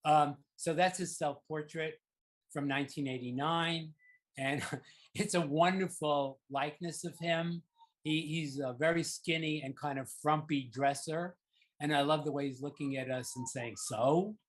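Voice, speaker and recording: Male artist-lecturer, fairly high voice, rambling conversational delivery over slides. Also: fairly even intonation, moderate pace. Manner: rambling and conversational, many fillers and restarts. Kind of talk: informal art talk over slides.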